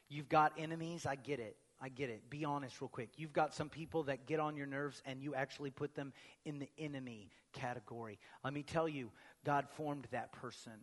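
A male pastor preaching a sermon, swinging between booming emphatic proclamation and hushed, near-whispered lines. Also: fairly even intonation, moderate pace. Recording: long reverb of a large hall.

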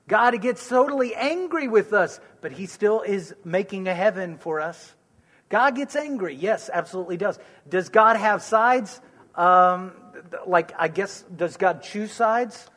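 A man with a notably high voice answers questions from the pulpit. He reassures his listeners, circling back to the same phrases. A long hall reverb hangs on the sound. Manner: warm, reassuring, repeats key phrases. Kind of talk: conversational preaching.

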